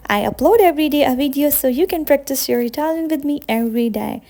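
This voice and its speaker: A woman teaching basic Italian phrases to beginners, saying each phrase slowly and repeating it for learners. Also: high voice, dark tone. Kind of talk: slow beginner language lesson.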